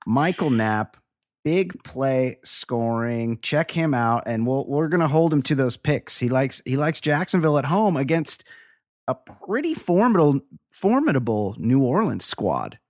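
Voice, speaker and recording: A middle-aged male podcast co-host with a mid-pitched voice, reading emails and drifting into crude, rambling stories. The recording is dry and close to the mic. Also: very animated, moderate pace, no room sound. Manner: rambling, crude, swears freely. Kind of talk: casual podcast banter, reading listener emails.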